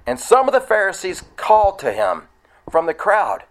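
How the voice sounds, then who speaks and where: A man preaching a sermon in a conversational way, explaining scripture verse by verse and now and then rising to loud, excited retelling. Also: high-pitched, normal speed, low-quality recording.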